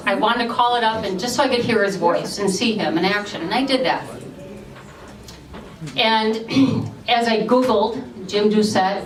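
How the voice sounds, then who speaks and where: A woman, the youngest sister, giving a halting, self-deprecating memorial speech with fillers. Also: medium pitch, recorded from a distance. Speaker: family member giving a eulogy. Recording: roomy hall, mic from afar, crowd.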